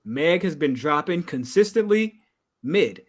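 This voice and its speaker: Laid-back slangy man, slightly high voice. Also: very animated, husky. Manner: laid-back slangy banter, quick laughs. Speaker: podcast co-host. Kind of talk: casual chat.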